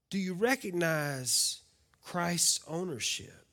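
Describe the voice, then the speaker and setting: A man preaches in a folksy, questioning way. His voice sits a bit high and rings bright and forceful. He swings from loud declarations down to near-whispered lines. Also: lively intonation, moderate pace. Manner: folksy, asks the congregation questions. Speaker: pastor. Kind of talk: sermon.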